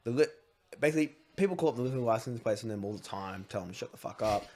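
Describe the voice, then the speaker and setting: A young man hosting a podcast, his voice sitting at a middle pitch. He tells the story loosely with plenty of swearing and breaks into loud, acted-out quotes. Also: animated, very fast. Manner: swears a lot, acts out shouted quotes. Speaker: podcast host.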